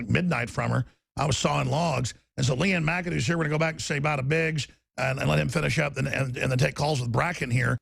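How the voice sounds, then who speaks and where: A man with a high, gravelly voice rants as a talk show host, heated and sarcastic, breaking into shouts. The sound is close and dry. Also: no echo. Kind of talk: heated talk radio rant.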